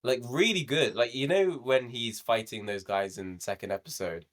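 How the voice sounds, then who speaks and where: A man's voice: medium pitch, moderate pace. A young man co-hosting a podcast, chatting casually about a show, laughing often and swearing freely. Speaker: podcast co-host. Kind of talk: casual review chat.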